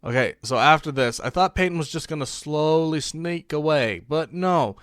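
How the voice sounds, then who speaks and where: A young man narrating a comedic movie review, exasperated and sarcastic, with loud outbursts and mumbled confusion. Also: fairly high pitch, moderate pace, clean tone, dry recording, studio quality.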